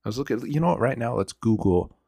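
A man's voice: medium pitch, animated, quick pace, creaky, dark tone, dry recording. A man hosting a casual solo talk show, rambling and swearing freely as he browses on his computer. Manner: rambling, profane, restarts a lot. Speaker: podcast host. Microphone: desk mic at computer.

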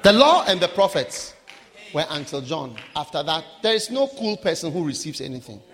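Male preacher, high and bright, lively pitch, emphatic shouting sermon, echoey hall. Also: moderate pace. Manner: shouting, sing-song mimicry, emphatic repetition.

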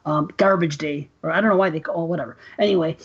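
Husky woman ranting with profanity. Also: low-pitched, quick pace, lo-fi sound. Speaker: podcast co-host. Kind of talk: casual chat.

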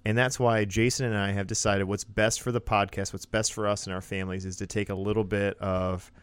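A man's voice: on the low side, level tone, a little fast, clean tone, dry recording. A man co-hosting a podcast in casual, upbeat chat, laughing easily. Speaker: podcast co-host.

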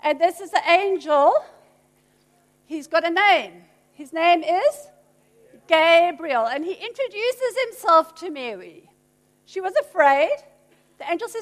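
Animated woman preaching. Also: extremely high pitch, slow pace, pauses often. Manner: animated, teasing, emphatic, laughing asides. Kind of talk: sermon. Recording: long hall reverb.

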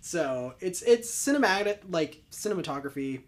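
Brief: casual podcast co-host, rambling and enthusiastic, mid-pitched voice. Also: expressive, moderate pace. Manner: rambling, filler-heavy, enthusiastic. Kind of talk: casual movie review chat.

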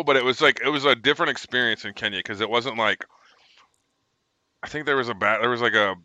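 तीस के दशक का एक आदमी, सेना का पूर्व सैनिक, जो खुलकर गालियों के साथ भटकती हुई कहानियाँ सुनाता है।. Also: male voice, fairly low pitch, pushed and bright, smooth, no echo, muffled recording. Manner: rambling, profane storyteller. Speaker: military veteran guest. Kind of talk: casual chat.

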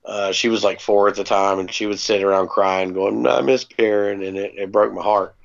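A man's voice: lowish voice, fairly even intonation, moderate pace, vocal fry. A man casually telling a long personal story on a podcast, laid-back, with plenty of ums and freely dropped swear words. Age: adult parent. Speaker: podcast co-host. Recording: dull lo-fi podcast audio.

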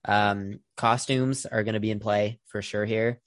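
A man's voice: on the low side, fairly even intonation, measured pace, dry recording, studio quality. A man hosting a film podcast, chatting casually with plenty of fillers. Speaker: podcast host. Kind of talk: casual film review chat.

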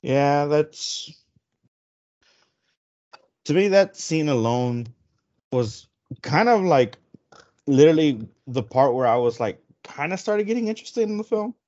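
A man's voice: a little high, expressive, unhurried, pauses often, a little mellow. A man co-hosting a podcast in casual chat, rambling with many fillers and restarts. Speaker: podcast co-host. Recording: dull lo-fi audio.

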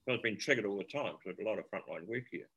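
A New man speaks with a lowish voice that has a forceful, bright edge. He is a podcast guest and former paramedic. He talks in a thoughtful, searching way, feeling for his words as he goes. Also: very fast, husky, highs cut off. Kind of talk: casual podcast conversation.

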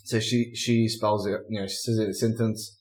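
A man's voice: fairly low pitch, flat delivery, a little fast, a little mellow. A man telling a joke in casual chat, rambling through the setup and losing his place. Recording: echoey room.

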